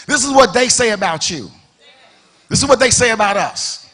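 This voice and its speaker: A man preaching a sermon as pastor in a church, firing rhetorical questions, repeating phrases and building to shouted emphasis. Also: high voice, lively intonation, normal speed, husky. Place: church sanctuary.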